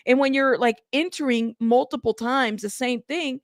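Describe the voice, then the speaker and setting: Uma mulher apresentando uma live casual, conversando com o chat de forma tagarela, recomeçando frases, cansada e frustrada. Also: female voice, high voice, moderate pace, no echo, clean studio sound. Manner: chatty, greets chat by name, rambling restarts. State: tired and frustrated. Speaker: livestream host.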